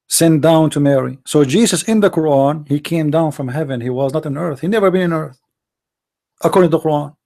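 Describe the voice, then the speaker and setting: A slightly high, dark-toned voice with vocal fry moves along fairly quickly. The man hosts a live online call-in debate show, speaking heated non-native English and pushing hard with rhetorical questions.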